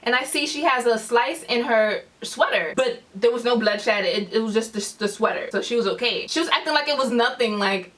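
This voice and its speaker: A woman's voice: on the high side, normal speed, few pauses, fairly bright tone. A young woman vlogger telling a story, acting out what her friends said. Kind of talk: storytime vlog. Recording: voice a bit far from the mic.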